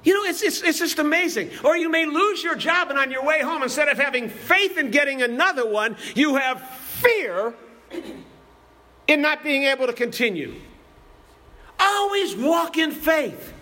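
A man's voice: very high voice, moderate pace, sharp tone. A man preaching a sermon in a church, impassioned and repetitive, building to raised, emphatic lines.

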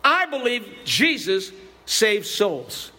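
High, bright-voiced impassioned male preacher. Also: wildly swooping pitch, slow. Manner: impassioned, repetitive, preaching cadence. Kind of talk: sermon. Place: church building.

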